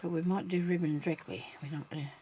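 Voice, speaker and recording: A woman's voice: low-pitched, steady tone, fast talker, background noise. A woman vlogging as she crafts, chatting casually and thinking aloud, laughing often at herself.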